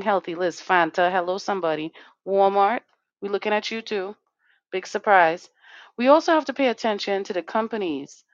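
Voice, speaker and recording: A woman's voice: fairly low pitch, no room sound, muffled recording. A woman hosting a live online talk show who speaks emphatically, swears freely and keeps asking "right?". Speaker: host.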